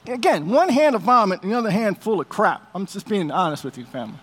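Middle-aged male pastor, very high voice, emotional storytelling sermon to the congregation. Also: lively intonation, fast talker, few pauses, fairly bright tone.

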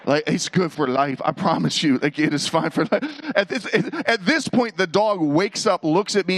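Middle-aged man, slightly high voice, animated, comic story, plays the voices. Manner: animated, acts out quoted voices, laughs between lines. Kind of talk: humorous personal story told to a live audience.

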